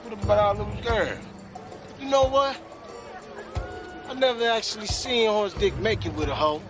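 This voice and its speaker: A man's voice: high-pitched, normal speed, a crowd in the background, lightly acted. An actor playing a crude young man in a comedy film, teasing his friend in slang. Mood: egging on. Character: young male party buddy egging on his friend, crude. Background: music.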